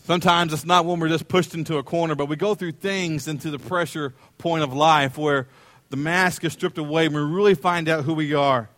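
Middle-aged male pastor, high-pitched, animated storyteller, dry close-miked sermon. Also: brisk, no room sound. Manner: animated storyteller, acts out quoted voices with big pitch jumps.

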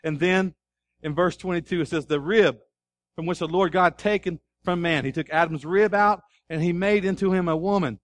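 Man, pastor, sermon, high voice, animated, questions to the congregation. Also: moderate pace, dry recording. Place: church.

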